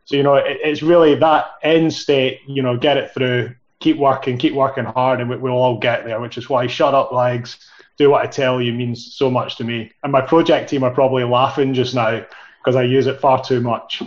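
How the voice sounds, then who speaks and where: A man's voice: medium pitch, little pitch movement, moderate pace, highs cut off. A man on a business podcast, chatting earnestly with lots of "you know" and "right". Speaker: podcast guest. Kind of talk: casual chat.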